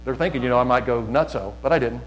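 Loud, fervent preaching man. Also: medium pitch, quick pace, rough recording. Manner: fervent, loud, repeats words, shifts to sudden loud bursts. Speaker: pastor. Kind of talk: sermon.

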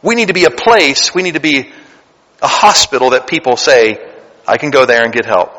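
A man's voice: mid-range voice, moderate pace, a bit bright, in a large hall. A man in his late forties preaching a sermon, talking to the congregation in a conversational way and building to emphatic bursts. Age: 40s. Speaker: pastor. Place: church sanctuary.

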